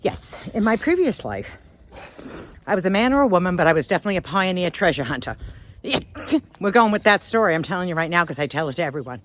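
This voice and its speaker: A middle-aged woman vlogger telling a story on a walk outdoors, animated and self-mocking, laughing often. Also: on the low side, fast, slight background noise.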